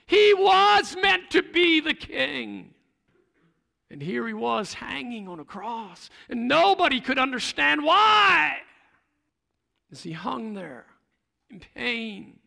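A man retells a Bible story as an eyewitness, slow and emotional, dropping to near-whispers and rising to loud passages. His voice is unusually high and bright with a heavy gravelly grain. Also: expressive. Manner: slow, emotional delivery that swings between hushed and loud. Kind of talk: dramatic first-person Bible retelling.

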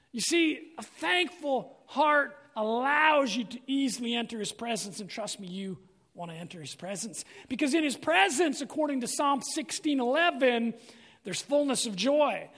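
A man's voice: very high voice, lively intonation, normal speed, fairly bright tone. A man preaching a sermon as pastor, earnest and asking his congregation questions.

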